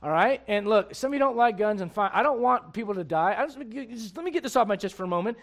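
A man preaching a sermon as pastor of a church, emphatic and swinging between loud bursts and low asides. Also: expressive, quick pace.

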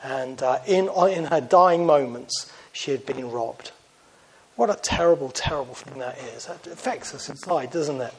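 A man preaching a sermon in an earnest, conversational way, getting louder and softer for emphasis. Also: mid-range voice, slightly rough, rough recording.

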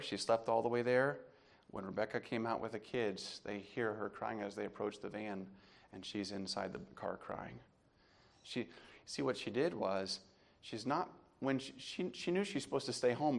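Gravelly pastor preaching with emotion. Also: male voice, mid-range voice. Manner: emotional, swings from hushed to loud. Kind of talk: sermon with personal story.

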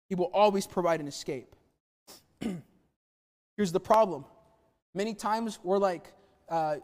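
A man's voice: high voice, a little mellow. A man preaching a sermon in a conversational, chatty way with humorous asides. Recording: long reverb of a hall.

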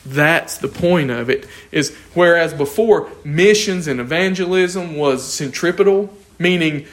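A man teaching an informal Bible study, lively and questioning, often chuckling as he explains the text. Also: fairly high pitch, measured pace.

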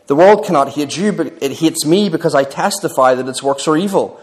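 Earnest male teacher, read by a man, measured, a touch high. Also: natural voice.

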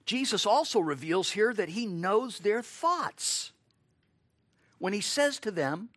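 A man preaching a sermon, expressive, acting out quoted lines and asking his listeners rhetorical questions. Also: high voice, takes it slowly, dry recording.

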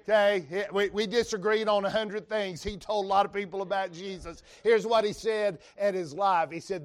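A man's voice: high voice, fairly even intonation, moderate pace, few pauses. A man with a Western North Carolina accent preaching a sermon in a folksy, emphatic way, reading scripture aloud to the congregation. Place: church revival service.

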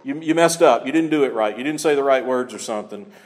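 A man's voice: medium pitch, fast, pitched below the performer's own voice, close to an everyday voice. A preacher voicing an exasperated scheming king. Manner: exasperated, demanding. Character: frustrated scheming ancient king, male. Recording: long hall reverb.

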